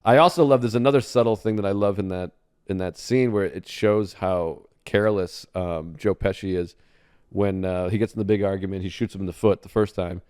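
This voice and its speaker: A man's voice: sits low, steady tone, fairly quick, darkish tone, smooth. A man, a guest comedian, chatting eagerly on a podcast and quoting lines in character. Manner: enthusiastic, quotes lines in character. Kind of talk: casual podcast chat.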